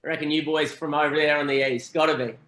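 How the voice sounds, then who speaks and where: A man's voice: on the high side, level tone, fast talker, a bit bright, roomy sound. A man from Australia with an Australian accent, a podcast guest in casual, laid-back chat who says mate a lot.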